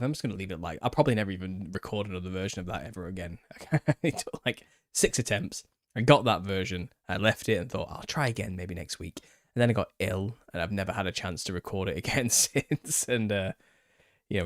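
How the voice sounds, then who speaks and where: A man's voice: on the low side, no room sound, clean studio sound. A man with a Northern English accent, hosting a casual live Q&A, rambling and chuckling as he answers viewer comments. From England. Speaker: channel host.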